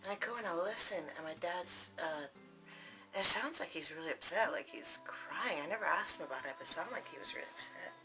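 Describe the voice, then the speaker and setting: A woman's voice: lowish voice, lively intonation, a little fast, bright, forceful tone, soft background music. A young adult woman vlogging, telling a personal story to camera in a candid, casual way with plenty of fillers. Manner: candid, frequent fillers and asides.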